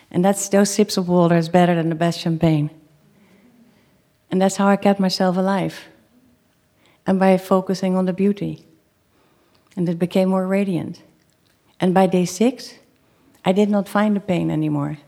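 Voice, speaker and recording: A woman telling a true first-person story to a live audience, halting at times, repeating and restarting phrases, and acting out her own pleas. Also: fairly low pitch, dark tone.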